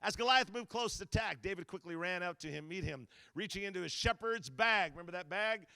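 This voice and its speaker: Man, middle-aged, guest preacher, high gravelly voice, dry close sound, storytelling. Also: a little fast, no echo. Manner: storytelling, animated, acts out quotes. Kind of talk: sermon.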